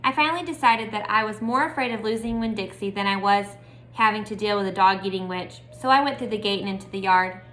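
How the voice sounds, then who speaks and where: A woman's voice: medium pitch, quick pace, a bit bright. A woman casually reading a children's book aloud with friendly, chatty asides. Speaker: storybook reader. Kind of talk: casual read-aloud storytelling.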